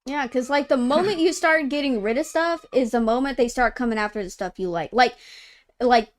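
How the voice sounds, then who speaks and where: A woman's voice: sits high, moderate pace. A woman co-hosting a gaming news livestream in casual chat, rambling with lots of "like" fillers. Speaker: co-host of a gaming news show. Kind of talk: casual live-stream chat.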